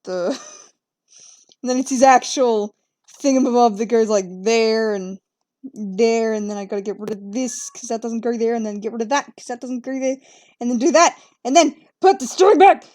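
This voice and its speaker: A woman's voice: on the high side, fairly even intonation, normal speed, warm tone, no room sound. A young woman chatting casually as she draws on stream, rambling and giggling and talking to her cats. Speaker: streamer drawing fan art. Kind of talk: casual chat while drawing.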